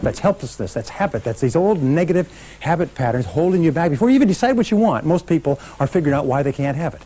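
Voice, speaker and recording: Middle-aged guy doing a pumped-up motivational seminar, husky mellow voice, talks right at the crowd. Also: a little high, expressive, fast, low-quality recording. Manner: emphatic, talks straight to a live audience, leads call-and-response chants. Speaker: motivational speaker.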